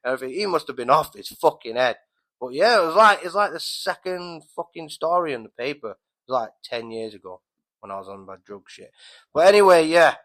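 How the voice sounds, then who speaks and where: A man's voice: on the high side, lively intonation, a little fast, a bit bright, rough recording. A man telling a rambling, swear-filled story at home as a podcast host, full of restarts and fillers. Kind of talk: casual storytelling monologue. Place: at home, by a window on a street.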